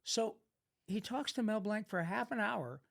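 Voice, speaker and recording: A man on a convention panel telling a lively anecdote and voicing the people in it. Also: high voice, moderate pace, vocal fry. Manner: lively storyteller, voices the people he quotes.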